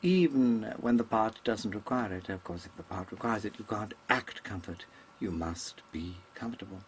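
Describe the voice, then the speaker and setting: A man's voice: on the low side, animated, moderate pace, a little hiss or hum. A man performing a rambling, digressive theatrical monologue to a webcam, hesitating often and correcting himself in mannered stage diction. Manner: digressive, hesitant, full of ums and self-corrections. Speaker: actor giving a comic monologue.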